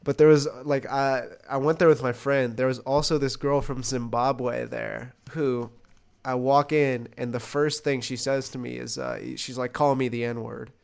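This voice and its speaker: A young man co-hosting a podcast, recounting a wild night in a loose, rambling way. He swears freely and laughs through his own story. His voice sits at an ordinary middle pitch. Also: steady tone, measured pace, gravelly, clean tone. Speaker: podcast co-host. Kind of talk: casual storytelling chat. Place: Los Angeles.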